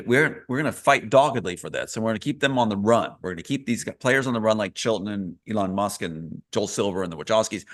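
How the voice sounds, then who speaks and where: A man's voice: mid-range voice, fairly bright tone. A man as a live interview guest, talking earnestly and emphatically, repeating key phrases.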